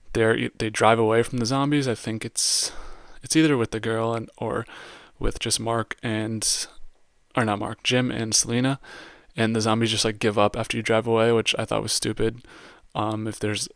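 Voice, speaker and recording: A man talks through a movie review in a loose, slangy way, leaning on "like" constantly. His voice is smooth and fairly flat in pitch. The recording is dry, with no room sound. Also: no echo. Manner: casual, heavy use of "like" and slang. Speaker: podcast host reviewing a film. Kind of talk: casual movie review monologue.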